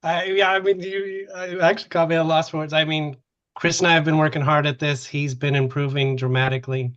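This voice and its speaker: A man's voice: a little high, level tone, fast, a bit bright, clean tone. A man speaking off the cuff on a video call, caught off guard and rambling. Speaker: team instructor. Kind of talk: casual off-the-cuff remarks. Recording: dull lo-fi call audio.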